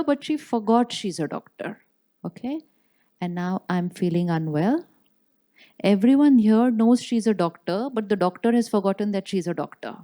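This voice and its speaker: A woman giving a spiritual talk to an audience in a large hall, speaking in slow, calm affirmations with deliberate pauses. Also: medium pitch. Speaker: spiritual teacher.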